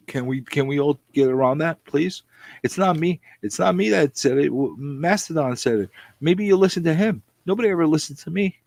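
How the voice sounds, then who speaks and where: A man on a live stream doing a mock-seductive, hushed, calm voice in a low, breathy half-whisper. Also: dry recording. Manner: slow, soft, teasingly sultry. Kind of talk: live-stream comic put-on voice.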